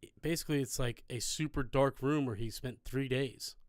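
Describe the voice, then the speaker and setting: Smooth-voiced man chatting on a podcast. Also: medium pitch, moderate pace, dry recording. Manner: reads out details, chatty and dry. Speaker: podcast co-host. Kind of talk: casual chat.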